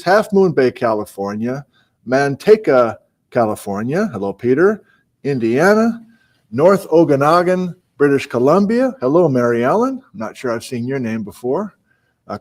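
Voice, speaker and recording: A man's voice: mid-range voice, a little mellow. A man hosting a live-streamed program, chatting casually, greeting viewers and reading out their hometowns, with frequent fillers and asides. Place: small indoor room on a college campus.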